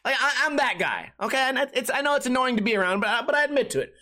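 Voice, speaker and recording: A man's voice: very high-pitched, very animated, quick pace, pushed and bright. A young man hosting a podcast on his own, telling stories in a rambling, profane, self-deprecating way. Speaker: podcast host. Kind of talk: casual solo podcast monologue.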